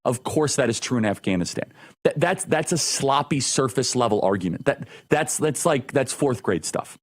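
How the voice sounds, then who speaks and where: A man's voice: medium pitch, lively intonation, moderate pace. A man hosting a talk show, delivering an opinionated monologue with emphatic, repeated phrases.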